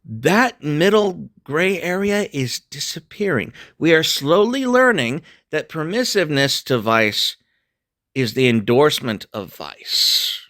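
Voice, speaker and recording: A man's voice: on the high side, fairly bright tone. A man giving a profane, combative rant to camera as a political commentator, scornful and emphatic, often restarting his sentences. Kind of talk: ranting monologue to camera.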